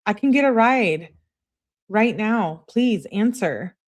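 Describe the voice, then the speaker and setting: Woman doing a needy young girlfriend's texts, raised pitch, begging. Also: lively intonation, moderate pace, dark tone, lightly acted. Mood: pleading. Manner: pleading, begging. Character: clingy young woman pleading by text.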